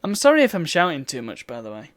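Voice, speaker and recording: Lively woman streaming a game. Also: deep voice, fast talker, no room sound. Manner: chatty, exasperated outbursts at the game. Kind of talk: live gameplay commentary.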